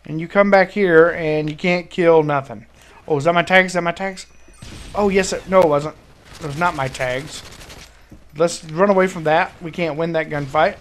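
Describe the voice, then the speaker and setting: A high-pitched man gives running commentary over his shooter game. He grumbles, swears and yelps in exasperated bursts as the match goes badly. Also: normal speed, a little hiss or hum. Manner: frustrated, swearing, outbursts. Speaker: gaming commentator. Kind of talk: live gameplay commentary.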